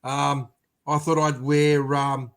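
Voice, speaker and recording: A man on a sports podcast panel, speaking hesitantly with many pauses and ums. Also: fairly high pitch, little pitch movement, fairly bright tone. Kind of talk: casual sports banter.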